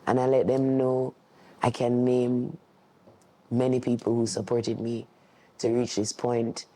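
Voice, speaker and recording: A man, voicing a deaf guest's signed story in the first person, earnest and steady. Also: medium pitch, measured pace. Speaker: sign language interpreter.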